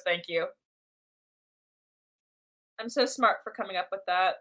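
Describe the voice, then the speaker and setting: A woman's voice: medium pitch, slow pace, sharp tone. A young woman chatting casually while drawing on a live stream, playfully talking to herself and to chat.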